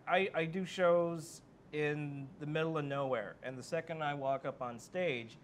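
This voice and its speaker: Relaxed, wry male comedian. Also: on the high side, measured pace, a little hiss or hum. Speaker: comedian guest. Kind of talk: casual panel chat.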